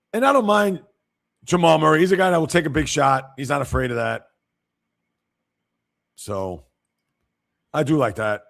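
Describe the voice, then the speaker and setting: A man's voice: medium pitch, vocal fry, fairly bright tone. A man hosting a casual sports livestream, giving blunt opinions and reacting to viewer comments. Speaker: sports show host.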